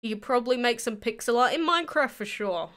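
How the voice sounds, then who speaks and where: 19 yo english girl streaming, reading chat out and answering, sharp bright voice, a bit high. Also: lively intonation, fast. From England. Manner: chatty, reads out and answers viewer questions. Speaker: livestreamer. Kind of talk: casual chat answering live chat.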